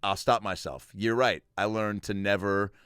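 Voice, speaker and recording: A man's voice: lowish voice, steady tone, normal speed, a bit bright, clear, resonant tone, no echo, studio quality. A man hosting a casual comedy podcast, joking around and often slipping into silly cartoon voices. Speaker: podcast host.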